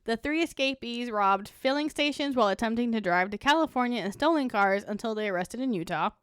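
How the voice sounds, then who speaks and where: A young woman co-hosts a casual true-crime podcast, reading from notes and breaking off for blunt, profane asides with laughs. Her voice is a little high, animated, fairly quick and smooth, with studio-quality sound and no room sound.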